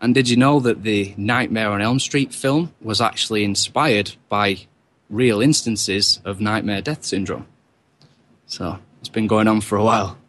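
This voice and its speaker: A man co-hosting a casual podcast, speaking in an earnest, steady way. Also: on the low side, a little slow, a little hiss or hum. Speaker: co-host.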